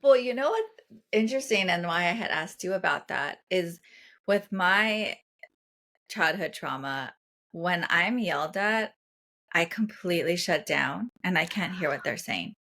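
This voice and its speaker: A woman co-hosting a relaxed podcast chat, speaking calmly, gently and reflectively. Her voice sits a little low for a woman. She talks in a quiet, even way. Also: a little slow. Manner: calm, soft-spoken, reflective. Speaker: podcast co-host. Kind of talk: casual chat.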